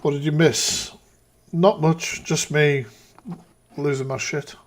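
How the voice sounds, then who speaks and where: A man's voice: a little high, fairly even intonation, takes it slowly. A man hosting a live reaction stream, talking casually with exasperated, profane rants.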